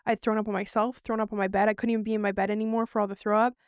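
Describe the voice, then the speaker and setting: Racing along in a clear, resonant mid-range voice, the woman co-hosting this podcast recounts a personal story in casual chat. She animatedly acts out others' words, and the studio-quality recording has no echo.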